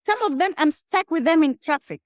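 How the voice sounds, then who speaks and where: A woman's voice: sits high, animated, brisk, no echo, studio quality. A woman with a Kenyan accent, a guest speaking emphatically in a casual interview and addressing the listener directly. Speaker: guest, rideshare entrepreneur.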